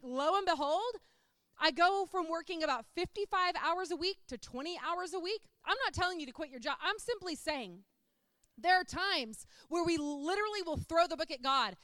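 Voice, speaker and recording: A middle-aged woman giving a chatty, animated sermon-style testimony, full of "like". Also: very high-pitched, no echo, clean studio sound.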